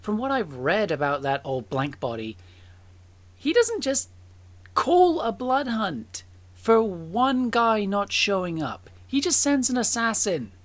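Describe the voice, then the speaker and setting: A woman's voice: mid-range voice, sing-song, slow, pitched above the performer's own voice. A woman voicing a flustered bookish woman in glasses. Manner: flustered, stammering. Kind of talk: tabletop role-play in character.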